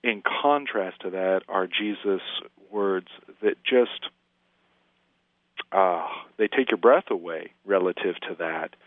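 A man talking earnestly through scripture in conversation, slowing down when he quotes it. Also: low voice, no echo. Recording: dry tinny phone-like audio.

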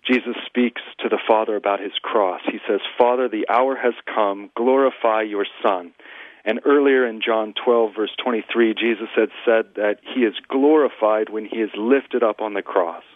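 Male pastor guest, low voice, earnest scripture teaching, dry thin phone-line sound. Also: fairly even intonation, moderate pace, no echo. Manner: earnest, quotes scripture at length. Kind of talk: teaching a scripture lesson on radio.

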